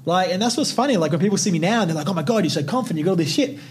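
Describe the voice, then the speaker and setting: Very fast and animated, a young man with a high, husky voice hosts a podcast, sharing personal stories in a blunt, intense, heavily profane manner as casual storytelling.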